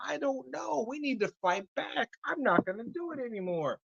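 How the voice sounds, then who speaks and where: A man's voice: very high-pitched, lively intonation, moderate pace, vocal fry, hardly any pauses, fairly bright tone, breathy edge, no room sound, muffled recording. A man ranting casually to camera as a whiskey vlogger, swearing freely and breaking into laughs. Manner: profane, laughing ranter.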